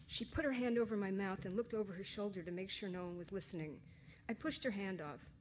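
A woman narrating a first-person novel aloud in a wry, expressive way, voicing a teenage girl. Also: mid-range voice, brisk, slight background noise. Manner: expressive, wry, voices characters. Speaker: audiobook narrator.

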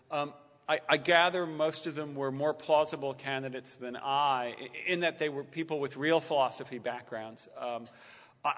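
A fairly high, slightly bright male voice carries a public talk followed by a question session. He stammers and restarts often while keeping a dry, wry humor, and the hall recording sounds muffled with long reverb.

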